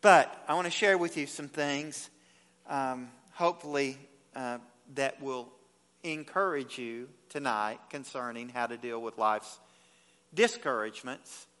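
A man preaching a sermon as pastor, retelling scripture with acted quotes and swinging from hushed to loud. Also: mid-range voice, a little slow, clear, resonant tone. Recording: long hall reverb.

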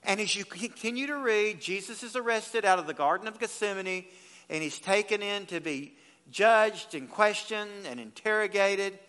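A man preaching a sermon as pastor, retelling scripture with acted quotes and swinging from hushed to loud. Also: high voice, normal speed, clean tone. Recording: long hall reverb.

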